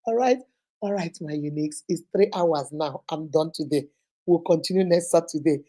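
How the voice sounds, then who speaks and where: A woman's voice: deep voice, normal speed. A Nigerian woman hosting a relationship advice talk, telling stories vividly and acting out the voices. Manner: lively storytelling, acts out voices, laughs often. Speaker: host.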